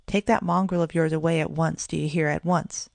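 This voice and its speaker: A storyteller voicing a harsh, scolding old male shopkeeper in a storybook reading, with a deeply gravelly voice. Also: steady tone, a little fast, no room sound, close to an everyday voice. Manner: sharp, scolding and threatening.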